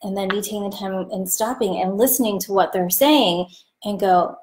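A woman talking casually about careers and client relationships, chatty and animated, acting out the people she quotes. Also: medium pitch, normal speed. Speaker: vlogger giving career advice. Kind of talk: casual talk to camera.

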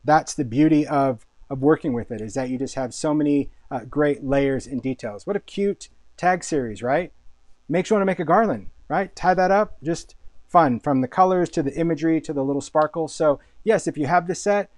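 A man's voice: on the high side, normal speed, a little mellow, dry recording. A man hosting a casual live product showcase, talking with enthusiasm, chatty and often repeating words as he thinks. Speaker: host and product designer.

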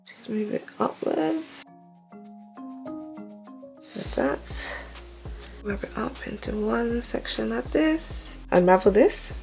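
With a medium-pitched, creaky voice, a young woman hair vlogger chats casually through a tutorial on her phone at home, relaxed and taking it step by step.

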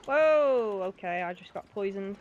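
A woman's voice: medium pitch, animated, a little slow, darkish tone, lo-fi sound, slight background noise. A young British woman chatting casually while playing a co-op game, talkative and giggly. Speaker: co-op gaming guest. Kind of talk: casual co-op gameplay chat.

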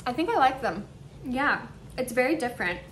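A woman's voice: high voice, moderate pace, a little hiss or hum. A young woman vlogging at home, chatting eagerly about her shopping haul and thinking aloud as she tastes snacks. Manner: chatty, excited, thinks aloud while tasting. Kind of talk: casual haul and taste-test vlog. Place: indoors at home, air conditioner running.

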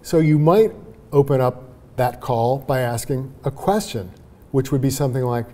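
Brief: male sales trainer guest, emphatic and animated, dark mellow tone. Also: medium pitch, normal speed. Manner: animated, emphatic, laughs while explaining. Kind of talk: conversational interview.

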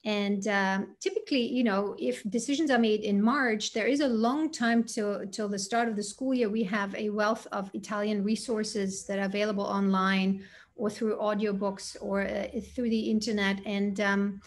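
A woman's voice: mid-range voice, fairly even intonation, moderate pace. A woman moderating a school panel. She reads out questions politely and gives answers of her own.

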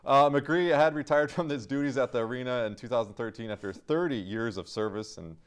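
A man co-hosting a local community TV show, reading headlines with dry, deadpan jokes and frequent fillers. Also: mid-range voice, brisk, clean tone. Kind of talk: joking news-desk banter.

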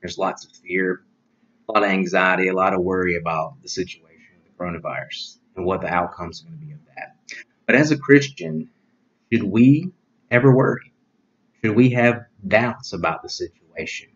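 A man's voice: low-pitched, lively intonation, normal speed, dull audio. Earnest male pastor preaching online. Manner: earnest, plain-spoken, often says "you know". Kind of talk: online sermon.

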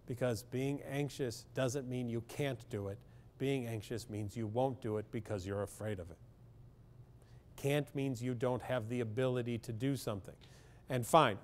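A man's voice: mid-range voice, a little mellow. A man, a clinical psychologist, speaking bluntly and with humor in a public talk to parents, often asking the audience questions.

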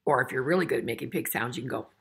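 Her voice extremely low, creaky, a bit bright, and breathy at the edges, an older woman gives children an interactive picture-book reading. She's playful, chuckles, and keeps asking the kids questions.

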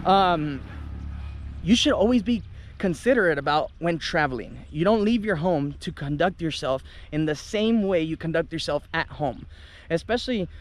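A man's voice: on the high side, expressive, moderate pace, slight background noise. A young man, a travel vlogger, ranting casually to camera, heated and indignant, swearing freely. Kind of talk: casual vlog rant to camera.

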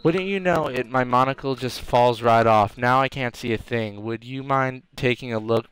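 A man's voice: medium pitch, normal speed, a bit bright, clean tone, no room sound, natural voice. A man voicing a nearsighted old hermit in a video game, rambling and folksy. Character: nearsighted old hermit who lost his monocle.

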